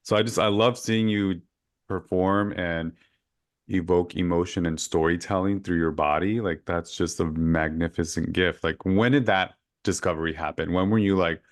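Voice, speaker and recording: Man, podcast host, very low voice, effusive, casual chat. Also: fairly even intonation, moderate pace. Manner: effusive, chatty, full of fillers. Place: current home in Orlando.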